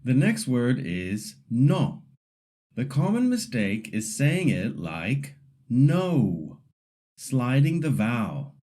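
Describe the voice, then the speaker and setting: A man leads a scripted pronunciation lesson at an unhurried pace, with a mellow voice. His pitch moves freely up and down as he models each word clearly for students to repeat. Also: sing-song. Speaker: Spanish pronunciation teacher.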